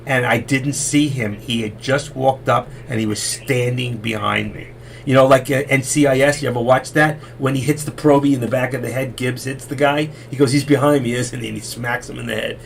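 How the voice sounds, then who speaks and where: Chatty gravelly man, voice worn. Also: mid-range voice, steady tone, fairly quick, slight background noise. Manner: chatty, folksy, repeats himself. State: losing his voice. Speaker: live stream host. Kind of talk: rambling casual storytelling.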